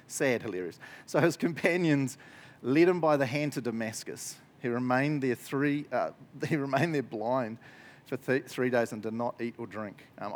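Chatty New man preaching. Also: medium pitch. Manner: chatty, animated, laughs often, many fillers. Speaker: pastor. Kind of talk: casual sermon.

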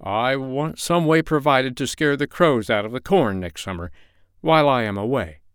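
A man voicing a forlorn, timid scarecrow with a high, pleading voice in a storybook reading. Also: normal speed, clear, resonant tone, no echo, studio quality, natural voice. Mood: anxious.

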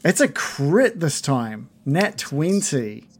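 A man's voice: fairly high pitch, very animated, slow, husky. A man narrating a tabletop game as game master, loose and hesitant, with many fillers.

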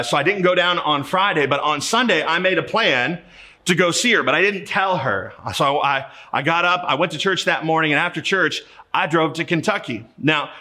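A man's voice: medium pitch, sharp tone. A middle-aged man from Ohio preaching a sermon as pastor, telling a personal story in a conversational way and often repeating words as he starts a sentence.

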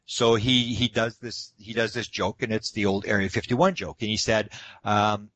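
A man telling anecdotes in a casual interview, animated and acting out the quotes. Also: fairly low pitch, normal speed, no echo. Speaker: guest speaker on UFO topics.

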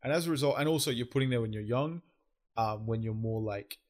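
A man's voice: mid-range voice, a little fast, darkish tone. A young Australian man co-hosting a casual chat, swearing freely and explaining things at length. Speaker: podcast co-host.

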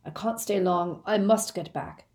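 Woman doing a gentle middle-aged wizard. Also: mid-range voice, unhurried, voice pushed up, lightly acted. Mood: overjoyed.

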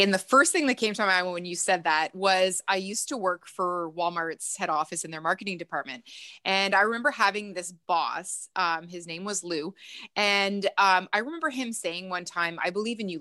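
A woman who is a mindset coach, talking as a guest on a podcast in a lively storytelling way, laughing often. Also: mid-range voice, moderate pace, no echo. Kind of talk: casual podcast interview.

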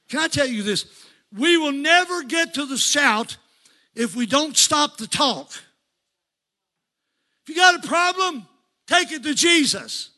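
A man's voice: very high voice, sharp tone. A man preaching a sermon, telling folksy stories and rising to fervent calls to the congregation.

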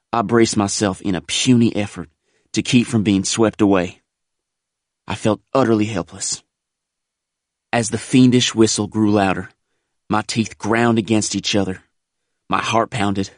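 Low-voiced man narrating gravely. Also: no echo, studio quality. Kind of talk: scripted audiobook narration.

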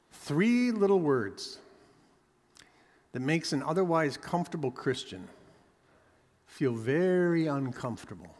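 A man's voice: medium pitch, a little mellow, big-room sound. A pastor delivering a sermon with emphatic preaching, his voice rising and dropping for effect.

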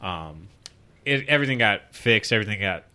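A man chats casually on a podcast, telling crude stories and laughing often. His voice sits a bit low but sounds bright and forceful. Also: lively intonation, fairly quick. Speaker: podcast co-host. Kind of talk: casual chat.

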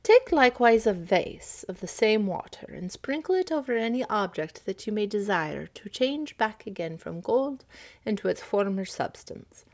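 Lady reading a smiling mysterious stranger guy, slow measured questions, storybook, sing-song voice. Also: mid-range voice, sing-song, darkish tone. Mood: solemn. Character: smiling mysterious male stranger, calm and knowing.

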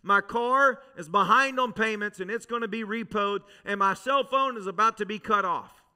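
A male pastor preaching a sermon to a congregation, telling a dramatic personal testimony that swings from loud urgency to hushed intensity. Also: high-pitched, normal speed, clean tone. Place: church service with a congregation.

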